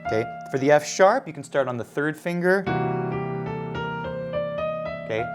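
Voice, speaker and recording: A man's voice: fairly high pitch, animated, moderate pace. A man teaching an online piano lesson, encouraging and counting beats aloud as he plays. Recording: piano playing under the voice.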